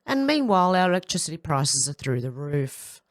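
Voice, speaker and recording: A woman's voice: low-pitched, big pitch swings, moderate pace. A woman hosting an opinion commentary, blunt and irritable, with sarcastic asides and swearing, nursing a headache and sore back. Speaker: commentary channel host. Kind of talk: casual opinion commentary over clips.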